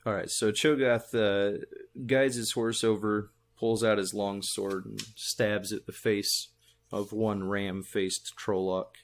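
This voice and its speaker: Slow, gravelly man running a tabletop game, lots of ums. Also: fairly low pitch, level tone. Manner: slow, halting, with many fillers. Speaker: game master.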